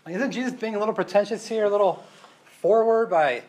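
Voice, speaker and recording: Casual preacher with a high male voice, shifts from loud emphasis to quiet asides. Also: a little fast. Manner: casual, rhetorical questions, tag "right?". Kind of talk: conversational sermon.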